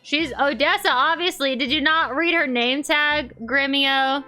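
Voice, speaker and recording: A woman's voice: sits high, measured pace, faint music behind. A woman streamer giving playful, jokey commentary while she plays a game. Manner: playful and animated, jokey asides. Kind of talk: casual let's-play commentary.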